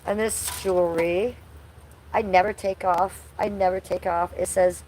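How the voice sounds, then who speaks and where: A woman's voice: on the low side, steady tone, unhurried, a little mellow, slight background noise, rough recording. A woman in her forties hosting a casual livestream from home, chatting bluntly and crudely while reading chat aloud. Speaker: livestream host.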